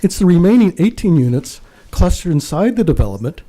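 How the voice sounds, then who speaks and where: A man speaks at a council chamber podium, earnest and emphatic, clearly reading from prepared notes. His voice is mellow and warm. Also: sits high, very animated, fairly quick. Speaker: public commenter. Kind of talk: prepared public comment at a council meeting.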